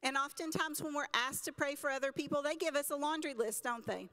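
A woman pastor with a fairly high voice delivers a sermon, chatting with her congregation and tossing them questions. She brings her stories to life by acting out the characters. Her voice rings with the long reverb of a church sanctuary. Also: a little fast, fairly bright tone. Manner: conversational, asks the congregation questions.

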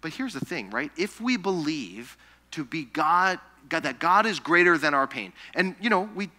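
Bright-voiced man preaching a lively sermon. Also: on the high side. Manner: animated preaching, acting out quoted voices, drops soft and slow for scripture. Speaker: pastor. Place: church sanctuary.

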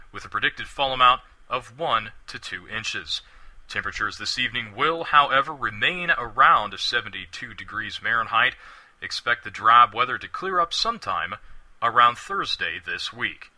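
Bright lively man in a mock-posh radio bit. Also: medium pitch. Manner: playful, mock-posh announcer delivery. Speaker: co-host reading a comic weather report.

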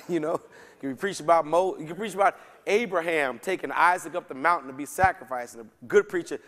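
A man's voice: on the high side, brisk, fairly bright tone. A man, a pastor, teaching a Bible study in a conversational, folksy way. He keeps checking in with his listeners and slips into casual slang. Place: church sanctuary. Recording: long church hall reverb.

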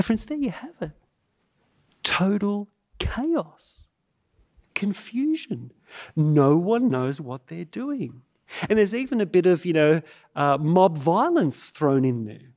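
Male pastor, sermon delivery; slow, deliberate, emphatic, with long dramatic pauses. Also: on the high side, vocal fry, darkish tone. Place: church.

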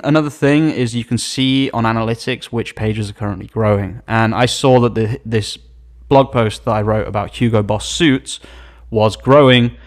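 A man hosting a screen-share tutorial on search results, talking with open excitement and trailing into quiet asides. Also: lowish voice. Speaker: SEO channel host.

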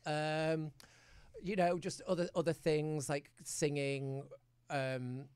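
A man's voice: a little high, level tone, slow pace, darkish tone, smooth, no echo. A young British man, an actor guest in a casual chat, self-mocking and crude, often restarting his sentences. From United Kingdom.

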